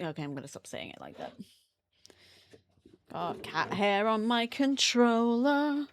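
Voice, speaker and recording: A woman's voice: medium pitch, takes it slowly, faint music behind. A woman streaming from home, chatting casually and candidly with her viewers while setting up a game. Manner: chatty and candid, greets chat by name, swears casually.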